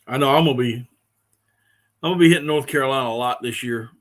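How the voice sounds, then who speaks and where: A middle-aged man hosts a casual live stream, talking in a relaxed, rambling way with many fillers. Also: mid-range voice, fast. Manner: laid-back, rambling, with fillers and restarts.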